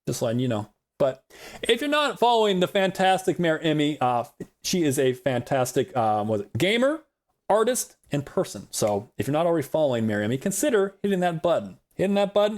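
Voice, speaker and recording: Man, game streamer, chatty rambler, giggly, lively swooping voice, slightly high. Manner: chatty rambler, calls himself a yapper; giggly, laughs often. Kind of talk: casual live gameplay commentary.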